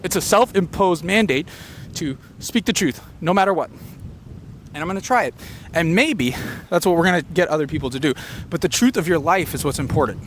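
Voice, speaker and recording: A man doing an unfiltered stream-of-consciousness comedy monologue, rambling and fast-talking with quick tangents. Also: a little high, expressive, slight background noise. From Filipino heritage. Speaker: comedian podcaster. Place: beach location outdoors.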